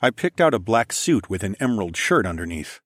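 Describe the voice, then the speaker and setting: A man's voice: lowish voice, sing-song, a little fast, a bit bright, no echo, clean studio sound. A man reading a first-person story aloud in a casual, wry tone. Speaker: narrator.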